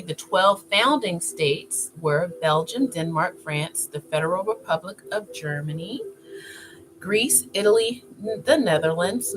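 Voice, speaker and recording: A woman vlogger talking casually to camera in a chatty, animated way, often laughing. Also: on the low side, noisy background. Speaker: wellness vlogger. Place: indoor filming setup with two cameras. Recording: clear music playing behind. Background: music.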